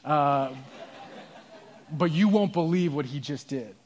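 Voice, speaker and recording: A pastor preaching a sermon, telling a story in an earnest, conversational way. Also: male voice, fairly high pitch, takes it slowly, a little mellow, a little hiss or hum.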